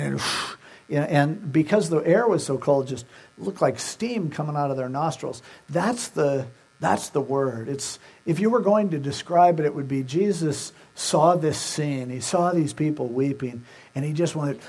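A man's voice: a little high, animated, unhurried, dark tone, slightly rough. A male pastor preaching a sermon, retelling scripture conversationally and acting out the characters' words.

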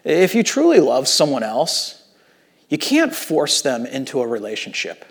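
A male pastor preaching a sermon in an animated, conversational way, swinging between loud emphasis and hushed passages. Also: mid-range voice, measured pace, slightly rough.

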